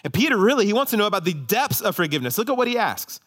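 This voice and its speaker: A pastor delivers a sermon in a church, building from relaxed anecdotes into emphatic teaching. His voice sits a little higher than most men's. He speaks with conversational ease, leaning into rising emphasis as his points land. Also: very fast, soft background music. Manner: prayer turning to lively storytelling sermon. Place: church sanctuary.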